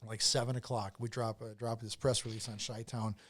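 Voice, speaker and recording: A man's voice: fairly low pitch, flat delivery, brisk, fairly bright tone. A man as a podcast guest, telling a long casual story with lots of fillers, restarts and swearing.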